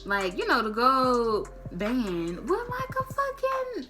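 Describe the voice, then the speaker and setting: A woman's voice: high voice, slow pace, over music. A woman telling a casual, slangy, profane story to camera, acting out the people in it. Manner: slangy, profane, animated, acts out quotes. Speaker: storytime vlogger.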